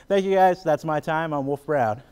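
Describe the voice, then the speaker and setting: A man's voice: fairly high pitch, darkish tone, clear, resonant tone. Chatty male stand-up comedian. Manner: chatty, many fillers, laughs between jokes. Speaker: comedian, guest. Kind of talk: stand-up comedy, then interview.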